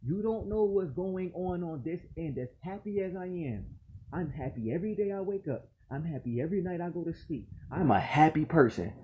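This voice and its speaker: A man's voice: on the high side, expressive, moderate pace, narrow, tinny audio, a little hiss or hum. A man in an aggrieved, profane monologue to the camera, repeating his points as he rants. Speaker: vlogger.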